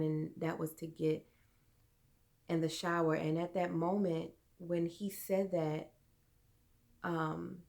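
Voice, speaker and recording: A young adult woman vlogger earnestly telling a personal story, halting and full of fillers. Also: fairly low pitch, gravelly, darkish tone.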